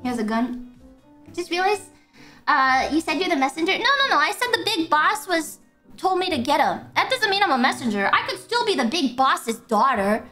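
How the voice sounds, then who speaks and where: A young woman streamer chatting excitedly while playing a game, giggling and swearing freely. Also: sits high, moderate pace, faint music behind. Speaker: VTuber streamer. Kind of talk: casual gameplay commentary.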